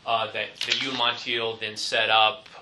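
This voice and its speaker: A man questions an officer step by step in a formal interview, checking details carefully with fillers and quick apologies. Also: lowish voice, level tone, background noise. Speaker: investigator conducting the interview.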